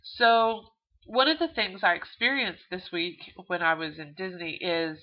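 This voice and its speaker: A woman's voice: lowish voice, a little slow. A woman with a Texan accent, a college instructor giving a chatty recorded video lecture with frequent fillers. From Texas. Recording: dull lo-fi video audio.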